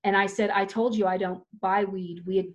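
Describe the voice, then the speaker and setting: A woman's voice: medium pitch, fairly even intonation, brisk, muffled recording. A woman talking in a loose, rambling way, often restarting her sentences as she tells a personal story in casual chat.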